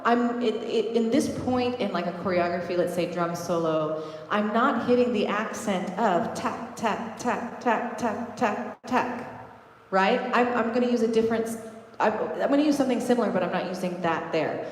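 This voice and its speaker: A woman's voice: medium pitch, moderate pace. A woman teaching a belly dance class online, counting beats and cueing moves as she demonstrates. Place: large echoey dance studio. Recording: echoey studio with long reverb.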